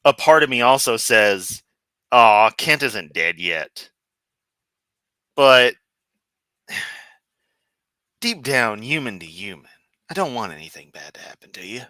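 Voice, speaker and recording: A man's voice: medium pitch, lively intonation, a little slow, long pauses, pushed and bright, no echo. A man from Memphis with a Southern accent, giving sarcastic, goofy, profane commentary on a livestream. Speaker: streamer host.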